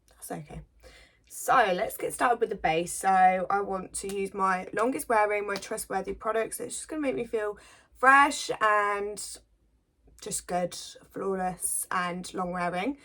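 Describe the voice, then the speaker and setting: A woman's voice: medium pitch, a bit bright. A woman from the English Midlands, a beauty vlogger chatting to viewers like a friend in a get-ready-with-me makeup video, with a slight cold coming on. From English Midlands, near Birmingham.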